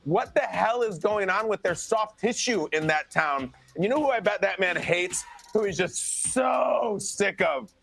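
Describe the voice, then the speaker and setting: A man in an animated, sarcastic sports rant, sounding exasperated and mock-outraged. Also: high-pitched, measured pace, creaky, few pauses, soft background music.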